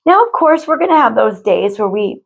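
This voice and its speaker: A woman giving an intuitive spiritual reading to her viewers, gentle and emotional, often calling them "you guys". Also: a little high, big pitch swings, normal speed, gravelly, rough recording. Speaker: spiritual reader.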